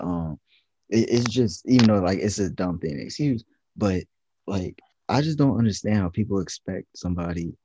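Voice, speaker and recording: A man with a very low, dark and husky voice talks in loose, rambling casual chat. He stops and restarts often, leaning on fillers. The recording is dry and dull, lo-fi. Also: no room sound. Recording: dull lo-fi sound.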